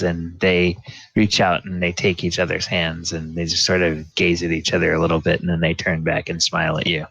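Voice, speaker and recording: A man narrating a tabletop game as game master, in slow, halting speech full of fillers. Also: deep voice, level tone, creaky, fairly bright tone, dry recording. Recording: dull lo-fi dry recording.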